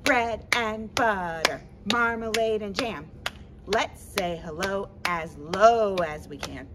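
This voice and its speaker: A woman's voice: mid-range voice, slow, heavy background noise. A woman hosting a children's story-time in an empty library, talking in a playful, exaggerated sing-song way for kids.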